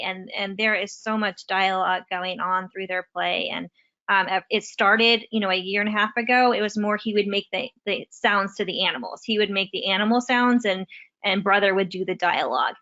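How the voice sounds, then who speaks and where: A woman speaking as a parent guest in a relaxed interview, talking chattily with frequent restarts and "you know" over a video call. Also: medium pitch, normal speed. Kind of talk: casual interview conversation. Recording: slightly muffled lo-fi audio.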